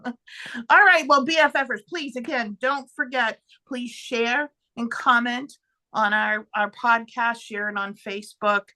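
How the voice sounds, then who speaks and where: Bright lady cohosting a podcast, animated, lots of exclaiming and trailing off. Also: a little high, measured pace. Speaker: podcast co-host. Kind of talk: casual chat.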